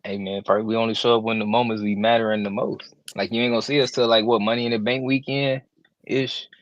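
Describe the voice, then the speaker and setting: A man's voice: medium pitch, little pitch movement, quick pace, no echo, lo-fi sound. A man co-hosting a live wrestling podcast, talking with boastful, playful trash talk. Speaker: podcast co-host. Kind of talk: casual live podcast chat.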